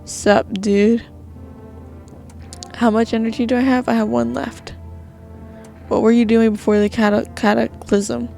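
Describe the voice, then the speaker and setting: A jumpy woman gamer talks to herself through a horror game, narrating her every move. Her voice sits a little high but stays flat, with a gravelly fry on the ends of phrases. Faint game music plays behind her. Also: a little slow, long pauses.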